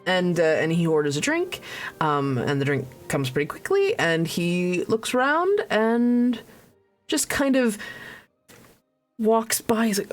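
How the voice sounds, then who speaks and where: A woman's voice: fairly low pitch, very animated, unhurried. Rambling woman running a tabletop game. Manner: rambling, many ums and restarts, laughs often. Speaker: dungeon master. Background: faint music.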